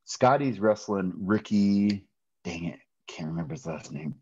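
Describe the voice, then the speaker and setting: A middle-aged man telling a personal story in a podcast interview, animated, often laughing and acting out quoted voices. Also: low voice, measured pace, slightly rough, no room sound, highs cut off. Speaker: interview guest, pro wrestler.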